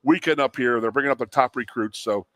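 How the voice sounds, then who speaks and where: A man in his forties co-hosts a sports talk show and tells an old recruiting story in casual chat. He is an animated storyteller who acts out quotes in raised voices, at a pitch in an ordinary middle range. The booth sounds dry and close, with no room behind him. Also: brisk, no room sound. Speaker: radio show co-host, former college lineman. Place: studio at a restaurant.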